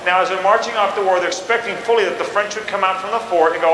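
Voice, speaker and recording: Animated high-voiced male storyteller. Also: quick pace, big-room sound, rough recording. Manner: animated, acts out scenes and commands. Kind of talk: storytelling history lesson.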